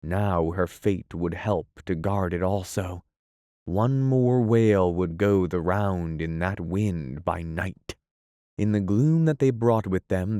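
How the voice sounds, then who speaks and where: A man reads a classic novel aloud in a measured, unhurried storytelling manner. His voice sits fairly low, and the recording is dry and close with no room sound. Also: a little mellow, dry recording. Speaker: audiobook narrator. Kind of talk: scripted narration.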